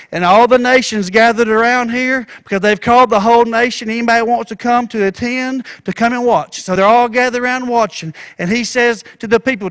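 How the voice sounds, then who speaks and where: High-voiced preacher telling a story. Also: male voice, brisk, few pauses. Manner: animated, folksy storytelling. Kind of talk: sermon.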